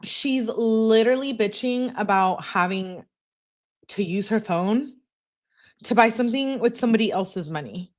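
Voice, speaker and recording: A woman's voice: on the high side, expressive, a little slow. A woman giving casual, sarcastic reaction commentary while reading text messages aloud, with blunt, slangy asides. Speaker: true-crime commentator.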